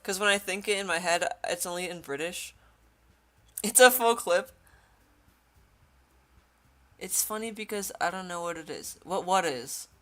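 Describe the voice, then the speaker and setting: A woman's voice: lowish voice, a little slow, pauses often, fairly bright tone. A young woman streaming a game, chatting casually with her viewers and reading the game text aloud. She giggles a lot. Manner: giggly, chatty, laughs often.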